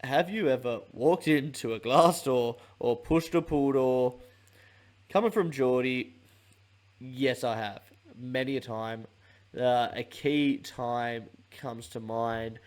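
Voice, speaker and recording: Male host, loose profane sports chat, laughs a lot, mid-pitched. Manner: swears freely, laughs often, rambling. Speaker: podcast host. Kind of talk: casual solo sports podcast.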